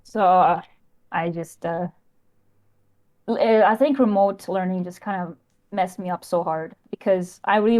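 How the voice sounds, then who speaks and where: A young woman phones into a talk show and speaks in a halting, unsure way. Her voice sits at a middle pitch, and her sentences keep restarting and trailing off. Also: a little mellow, rough recording. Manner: hesitant, halting, trails off often. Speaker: caller. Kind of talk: casual call-in chat. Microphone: voice call.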